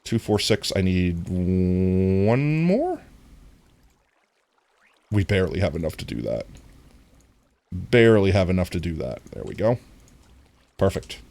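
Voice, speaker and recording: A man with a nasal voice that sits on the lower side talks his way through a game stream. His delivery is animated, rising and falling freely as he chats with his viewers. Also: moderate pace, creaky, pauses often, no echo. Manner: chatty, talks to viewers while playing. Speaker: livestreamer. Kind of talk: casual game-stream chat.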